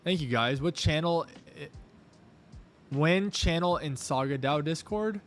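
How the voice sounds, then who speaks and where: A young man live-streaming his crypto trading, chatting casually, thanking viewers and coaxing the price chart out loud. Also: on the high side, a little slow, faint music behind.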